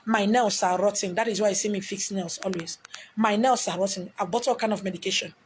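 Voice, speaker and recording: This middle-aged Nigerian woman speaks with a Nigerian accent in a mid-range, steady voice, moving briskly as she rambles through her casual motivational live stream. She's emotional and slightly preachy, filmed on a phone with a bit of background noise.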